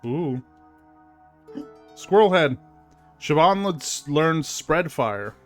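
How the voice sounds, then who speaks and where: A man's voice: a little high, animated, extremely slow, faint music behind. A man streaming a video game, chatting casually with fillers and reading the game's text aloud. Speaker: gaming streamer. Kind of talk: casual let's-play commentary.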